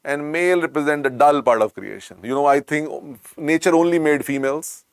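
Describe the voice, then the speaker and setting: Indian guy teaching med class online, croaky voice, kinda high, dry sound. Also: brisk, no echo. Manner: repetitive, coaxing, calls students "beta". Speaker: medical lecturer. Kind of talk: online medical lecture.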